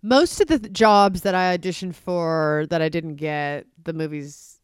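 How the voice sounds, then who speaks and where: A woman's voice: on the low side, unhurried, clear, resonant tone, no room sound, clean studio sound. A woman in casual chat, telling wry, self-mocking stories.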